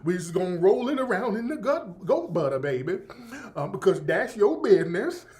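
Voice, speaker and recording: A man voicing a sweet, folksy woman home cook who talks in a slow, sing-song drawl. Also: sits high, big pitch swings, darkish tone. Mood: syrupy.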